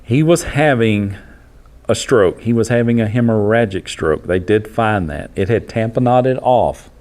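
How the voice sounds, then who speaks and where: A man, an EMT instructor telling a case story to his class in a blunt, animated way. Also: lowish voice, unhurried. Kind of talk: storytelling lecture.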